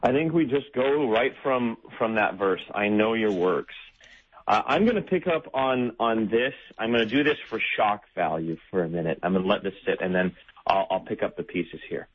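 A man who is a pastor, talking as a guest on a radio show, making his point deliberately and building toward it. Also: on the low side, slightly rough, highs cut off. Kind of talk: conversational Bible discussion.

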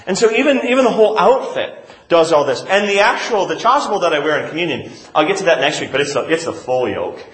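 A man's voice: fairly high pitch, fast. A man, a pastor, teaching in a conversational sermon, asking questions and answering them himself. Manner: animated, shifting from emphatic to quiet. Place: church. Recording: echoey church room.

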